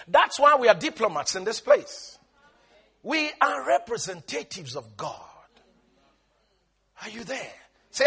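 High husky preaching man. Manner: emphatic, calls on the congregation to repeat lines; swings between shouting and quiet. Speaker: pastor. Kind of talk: preaching a sermon.

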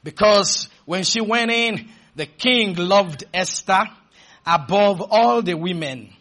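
A man preaching a fervent sermon, shouting at times and leading the congregation in call-and-response. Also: high voice, expressive, takes it slowly.

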